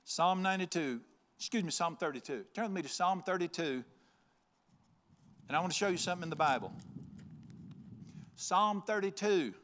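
Folksy joking preacher, high voice. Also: male voice, lively intonation, normal speed, pauses often, fairly bright tone, a little hiss or hum. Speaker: pastor. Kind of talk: sermon.

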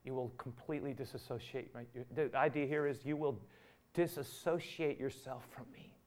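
A male pastor preaching a sermon, acting out the dialogue he quotes and rising from quiet to loud. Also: mid-range voice, steady tone, moderate pace.

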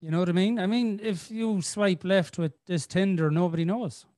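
A man's voice: sits high, steady tone, normal speed, a little mellow, no echo, studio quality. A middle-aged man, hosting a podcast as a rambling storyteller who swears freely. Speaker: podcast host. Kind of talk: casual chat.

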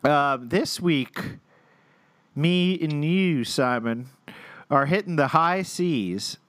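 A man's voice: medium pitch, animated, slow pace, a bit bright, no echo. A man co-hosting a podcast, chatting casually and jokingly with frequent laughs and fillers. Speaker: podcast co-host. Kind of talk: casual comedic chat.

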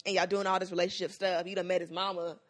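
A young woman co-hosts a casual podcast. She talks in a lively way and acts out little quoted voices as she goes, laughing often. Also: fairly low pitch, fast talker. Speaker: podcast co-host.

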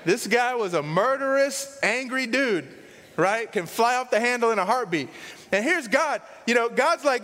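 A male pastor preaching a sermon in an animated way, swinging from loud excitement to hushed emphasis. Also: extremely high pitch, moderate pace, in a large hall.

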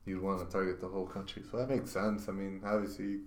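A man's voice: low voice, little pitch movement, quick pace, darkish tone. A man co-hosting a podcast, chatting in a laid-back, agreeable and joking way. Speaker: podcast co-host. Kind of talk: casual podcast chat. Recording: echoey room.

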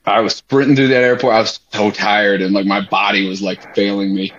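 Low-voiced young man telling a story. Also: fairly quick. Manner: animated, swears freely, many fillers. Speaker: podcast co-host. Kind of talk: casual podcast storytelling. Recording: slightly muffled podcast audio.

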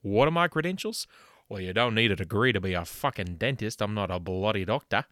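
A man's voice: lowish voice, expressive, fairly quick, dry recording, clean studio sound. A man putting on a brash Australian con-man dentist. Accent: put-on Australian. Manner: loud, boastful, swearing, slangy. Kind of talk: comic mock advert.

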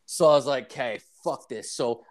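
A man's voice: mid-range voice, normal speed. Young guy, casual storyteller, profane and rambling, mid-range voice. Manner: crude, swearing constantly, filler-heavy, animated retelling.

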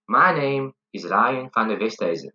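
A man's voice: on the low side, animated, normal speed, pushed and bright. A young man with a South African accent, a student formally reading a prepared class podcast script. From Cape Town, South Africa. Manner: formal, instructive. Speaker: student presenter. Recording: dull lo-fi recording.

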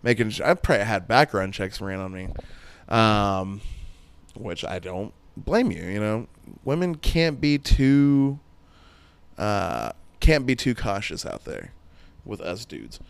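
A man's voice: on the low side, very animated, slow pace, vocal fry, clean tone, dry recording. A man in his thirties hosting a podcast solo, rambling and joking crudely in casual chat. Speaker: podcast host.

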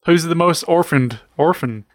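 Higher-voiced man, dry close sound. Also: moderate pace, no echo. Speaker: podcast co-host. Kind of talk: casual chat.

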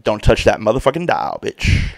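A man's voice: lowish voice, very animated, normal speed, gravelly. A man in his thirties hosting a podcast solo, rambling in casual chat with slang and constant swearing. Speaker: podcast host.

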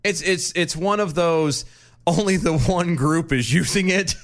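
A man's voice: a little high, unhurried, a bit bright. A man co-hosting a podcast in casual chat, sarcastic and laughing often as he talks. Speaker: podcast co-host.

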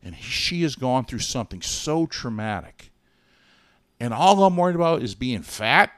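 A middle-aged man co-hosting a podcast, telling a personal story in an earnest, animated way with many restarts. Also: medium pitch, unhurried, no room sound, clean studio sound. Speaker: podcast co-host. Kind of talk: casual storytelling chat.

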